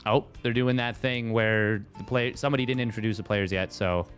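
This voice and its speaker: A man's voice: on the low side, steady tone, a little fast, a bit bright, soft background music. A man doing casual live commentary on a strategy game match, playful and self-mocking, wandering into joking asides. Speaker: esports caster.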